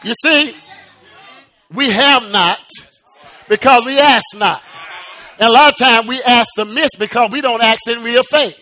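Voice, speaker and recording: A male preacher with an extremely high-pitched voice gives a sermon that starts with slow, quiet lines and builds to loud, rising, shouted passages. He often repeats words as he restarts.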